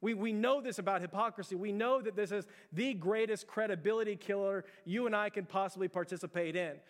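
A man's voice: sits high, a little fast. A young man preaching a sermon in a church, talking casually to the congregation with rhetorical questions and slangy asides. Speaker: pastor. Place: church sanctuary. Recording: hall with long reverb.

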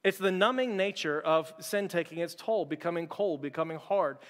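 A young man preaching a sermon as pastor, conversational and joking with quick asides. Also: a little high, long reverb tail. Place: church sanctuary.

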